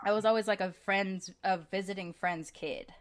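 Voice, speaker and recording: Candid, animated woman telling stories. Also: medium pitch, moderate pace. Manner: candid, animated storytelling with frequent laughter and swearing. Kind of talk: casual chat.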